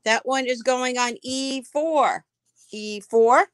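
Woman, live-stream auction seller, unhurried chatty delivery, slightly high voice. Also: clear, resonant tone, no room sound. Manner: chatty, answers viewer comments by name; describes items aloud as she handles them. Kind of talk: casual live-stream selling.

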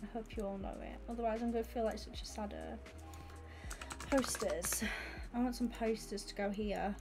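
A woman, chatting casually and excitably with viewers during a gaming stream. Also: fairly high pitch, moderate pace, over music. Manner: excitable and gushing, chatting with viewers while she plays. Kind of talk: casual live-stream chat.

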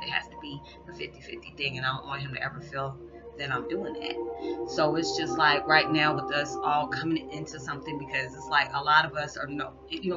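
A woman rambling in a casual, heartfelt monologue as a spiritual vlogger, peppering her talk with "you know". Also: deep voice. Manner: rambling, soft-spoken, full of "you know". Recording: dull lo-fi recording with background music. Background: soft background music.

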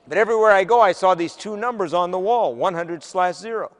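A man giving a keynote speech, telling stories in an animated, conversational way with humor. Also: a little high, quick pace, hardly any pauses. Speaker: keynote speaker. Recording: long hall reverb.

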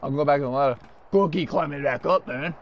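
A man streaming a wrestling game, chatting casually, cursing and yelling at the action. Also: a little high, fast, creaky, muffled recording, a little hiss or hum. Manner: excitable, profane, yells and laughs at the game. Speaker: gaming streamer. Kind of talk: casual gameplay chat.

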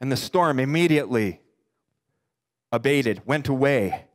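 A middle-aged pastor preaching a sermon earnestly, his voice climbing for emphasis and sinking low for the darker points. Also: animated. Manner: earnest preaching, rising and dropping in pitch for emphasis; quotes scripture in slow deliberate voice.

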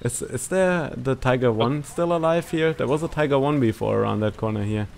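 A man hosting a gaming channel, chatting casually while playing with a friend, excitable and quick to shout and laugh. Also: mid-range voice, gravelly, a little hiss or hum. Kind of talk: casual gameplay commentary with a squadmate.

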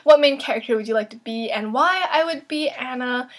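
Young woman, bit high voice, chatty book vlogger answering questions, lots of likes and ums. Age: young adult. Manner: chatty, quick, with frequent "like" and "um" fillers. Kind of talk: casual Q&A vlog. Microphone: camera mic.

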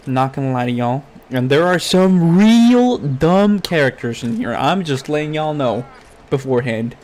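A gaming YouTuber with a fairly high, darkish-toned voice rants through a Let's Play at a moderate pace, his intonation lively. He swears constantly and scolds his game character directly in crude, profane commentary.

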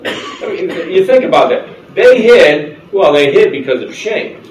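A man's voice: sits high, very animated, measured pace, a little hiss or hum. A man preaching a conversational sermon as pastor, asking the congregation questions and laughing often. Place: church sanctuary with congregation. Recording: roomy church sound, mic at a distance.

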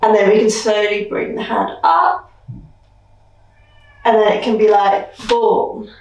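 A young woman dance teacher thinking aloud as she choreographs, counting beats with vocal sounds like boom and dum. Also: animated, slow, a little mellow. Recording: roomy echo, mic at a distance.

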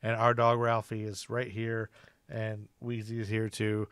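A man's voice: on the low side, monotone, measured pace, fairly bright tone, smooth, no echo. Guy rambling on his podcast, jokey, lots of ums, dry close mic. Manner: rambling, joking, lots of fillers. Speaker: podcast co-host. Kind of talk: casual chat.

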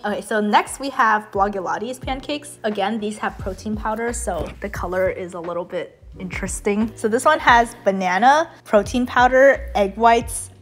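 A woman's voice: mid-range voice, normal speed, hardly any pauses, fairly bright tone. A young woman hosting a casual food taste-test vlog, chatty and giggly with lots of filler words. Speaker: vlogger.

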